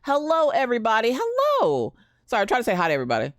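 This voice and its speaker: Animated woman greeting her stream chat. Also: fairly high pitch, rapid-fire, no echo, studio quality. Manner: animated, greets chat by name, Southern "y'all". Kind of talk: casual live-stream chat.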